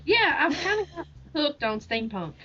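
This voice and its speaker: A woman's voice: sits high, sing-song, normal speed, pushed and bright. A woman co-hosting a book podcast, animatedly retelling a story and laughing often. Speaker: podcast co-host. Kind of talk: casual book chat. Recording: dull lo-fi audio.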